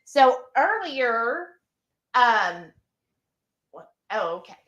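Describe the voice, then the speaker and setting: A woman hosting a live cooking stream, chatting casually in an excited, rambling way. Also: a little high, drawn-out words, muffled recording.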